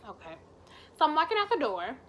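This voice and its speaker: A young woman telling a story in a casual vlog, animated and expressive, swearing freely. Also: high-pitched, fast. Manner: animated, expressive and profane, with lots of "like" and exclamations. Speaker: vlogger.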